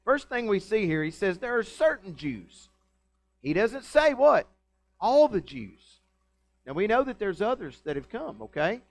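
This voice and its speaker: A male pastor preaching a conversational, folksy sermon in a church and often putting questions to the congregation. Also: sits high. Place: church sanctuary.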